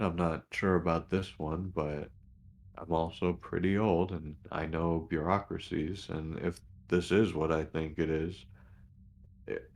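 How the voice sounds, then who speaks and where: Very low, slow man gaming in character, stops and restarts a lot. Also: darkish tone. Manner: halting, hesitant, many restarts and fillers. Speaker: player as station commander. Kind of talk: tabletop role-play, in character and narrating actions.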